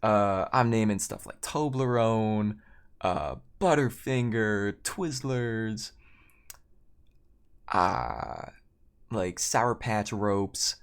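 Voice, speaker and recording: A male streamer with a slightly low voice tells a story while he plays. He rambles, restarts his sentences and chuckles along the way. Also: very slow, clear, resonant tone. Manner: rambling, self-correcting, laughs between lines. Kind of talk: casual storytelling while gaming.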